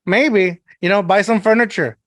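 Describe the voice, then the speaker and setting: A man hosting a podcast interview, relaxed and encouraging toward his guests. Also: sits high, normal speed, no echo, studio quality. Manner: relaxed, encouraging, laughs along. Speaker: podcast host. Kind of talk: casual interview.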